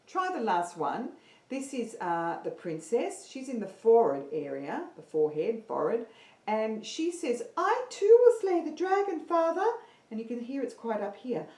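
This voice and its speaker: Animated woman teaching singing, echoey room. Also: medium pitch, normal speed. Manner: upbeat, counting in students, animated. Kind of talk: online singing lesson livestream.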